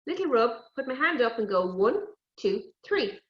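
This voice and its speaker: A woman presenting a lively lesson on animal safety to young children, coaxing them and talking to toy animals. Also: on the high side, normal speed. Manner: animated, coaxing, talks to puppets and kids. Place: indoors, recorded for an online event. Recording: dull, roomy live stream audio.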